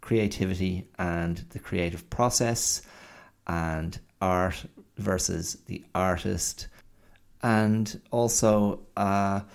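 A man's voice: sits low, gravelly, a little mellow. A middle-aged man hosting a podcast, telling a rambling, self-deprecating story with lots of fillers. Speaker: podcast host. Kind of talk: casual monologue.

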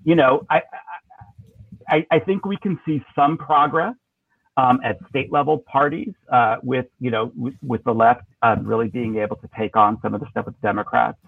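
A man's voice: medium pitch, normal speed, vocal fry, husky, no echo. A man as an interview guest, talking politics in a thoughtful, hesitant way with many fillers and restarts. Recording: tinny dry phone line.

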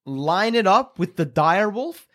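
A man running a tabletop game as dungeon master, narrating the action with a relaxed, chuckling delivery. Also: sits high, slow pace. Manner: laid-back, chuckling storyteller.

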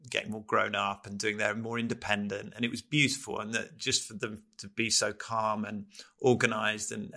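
A middle-aged man co-hosting a podcast, his voice bright and edged with a gravelly fry. He speaks in a flat, steady tone. His talk is earnest and halting, full of restarts as he reflects. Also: on the low side. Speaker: podcast co-host.

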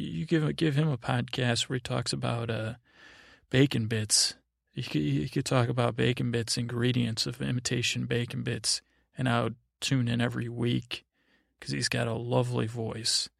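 A man hosting a sleep podcast, giving a meandering, low-key recap of a show. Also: little pitch movement, moderate pace, vocal fry, no echo, clean studio sound. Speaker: podcast host. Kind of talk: drowsy rambling recap for sleep.

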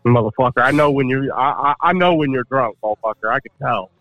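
A man's voice: mid-range voice, quick pace, muffled recording. A man co-hosting a podcast in casual, profane chat, joking and laughing often. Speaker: podcast co-host.

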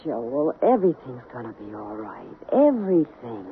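A woman's voice: rumbling low, very animated, normal speed, a little hiss or hum, heavily acted. An actress playing a cold, scheming woman who wants to keep stolen money, in a 1970s radio drama. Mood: coaxing. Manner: hard and dismissive, then coaxing. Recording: narrow, phone-like old radio broadcast.

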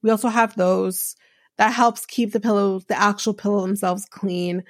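This woman's medium-pitched voice moves at a moderate pace with fairly even intonation. She hosts a podcast, chatting casually through a reality show recap that wanders and keeps restarting. The studio-quality sound has no echo.

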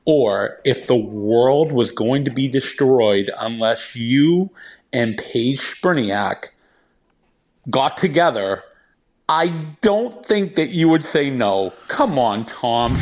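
A man's voice: mid-range voice, lively intonation, slow. A man calling in to a podcast, teasing and coaxing the host. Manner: pleading, teasing.

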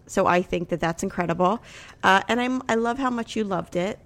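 This is a woman co-hosting a podcast with her partner, in her thirties or forties. She talks casually and teasingly, with a mid-range voice, and leans into animated retellings. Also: medium pitch, fairly quick. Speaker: podcast co-host. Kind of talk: casual couple chat.

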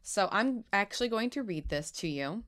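A woman co-hosting a casual podcast, reading spooky legends aloud in a playful, giggly way with dramatic pauses. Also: mid-range voice, animated, fairly bright tone. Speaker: podcast co-host.

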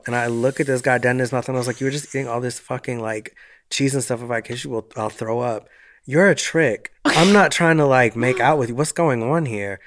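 A young man with a medium-pitched voice holds forth in loose podcast chat. He tells stories with plenty of animation, acting out other people's lines and swearing freely. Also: moderate pace. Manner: animated storytelling, swearing, acts out quotes. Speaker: podcast co-host. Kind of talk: casual chat.

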